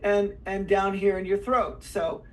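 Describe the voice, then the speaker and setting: A man who is a veteran voice actor, with a high tenor voice, giving rambling, playful advice. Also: flat delivery, measured pace, far from the mic, low-quality recording. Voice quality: self-described tenor, high voice. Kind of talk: casual advice chat.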